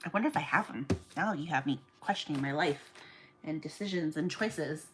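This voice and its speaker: A woman chatting casually to viewers while she packs orders, self-mocking and counting items out loud. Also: low voice, normal speed, noisy background. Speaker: small online shop owner. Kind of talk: casual vlog chat to viewers.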